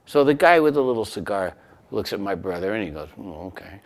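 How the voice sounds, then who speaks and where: A man's voice: on the low side, big pitch swings, brisk. A middle-aged man telling a self-mocking story from his youth in an interview. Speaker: composer recalling a story. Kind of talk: interview anecdote.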